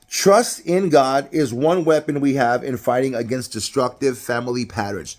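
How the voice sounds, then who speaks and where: A middle-aged man giving an earnest, personal devotional talk on a Bible passage, moving from loud emphasis to low, quiet confession. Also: moderate pace, few pauses. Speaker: preacher.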